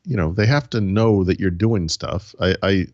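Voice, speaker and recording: A man's voice: sits low, moderate pace, darkish tone, no room sound, highs cut off. A man co-hosting a casual tech podcast, talking in a rambling way with many false starts and restarts. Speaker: podcast co-host.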